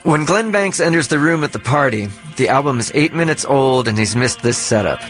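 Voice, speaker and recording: A man narrating a documentary in a measured, explanatory way. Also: mid-range voice, lively intonation, fairly bright tone, faint music behind.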